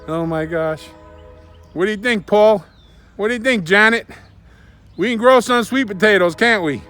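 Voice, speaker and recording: A man's voice: high voice, unhurried, pauses often, sharp tone. A man chatting enthusiastically while working outdoors in his garden, recorded on a camera held by a helper. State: out of breath at times. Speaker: homestead vlogger. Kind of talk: casual garden vlog.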